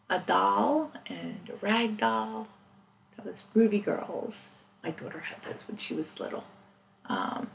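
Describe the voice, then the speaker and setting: A woman's voice: medium pitch, vocal fry, slight background noise. A middle-aged woman narrating her thrift finds in a casual, chatty way, often dropping into a whisper. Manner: chatty, excitable, drops to whispers. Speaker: thrift reseller vlogger. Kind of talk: casual narrated haul vlog.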